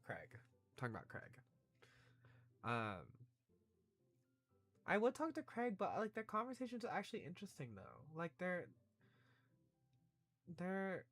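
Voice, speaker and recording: A male streamer chatting casually over a game, rambling and swearing freely. His pitch jumps around in lively swings, and he often puts himself down. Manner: rambling, swearing, self-deprecating.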